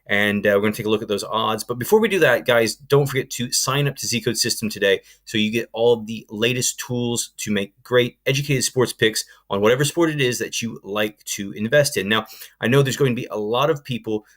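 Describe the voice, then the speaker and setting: A man's voice: medium pitch, brisk, fairly bright tone. A young man hosting a sports betting channel, talking casually and enthusiastically with frequent fillers and restarts. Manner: chatty, filler-heavy, enthusiastic. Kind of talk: casual presenting to camera.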